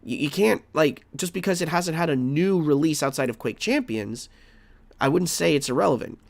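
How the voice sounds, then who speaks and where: A man's voice: fairly high pitch, animated, moderate pace, gravelly, no echo. A man streaming live, reacting to a video and arguing back at it with rambling restarts and exasperated outbursts.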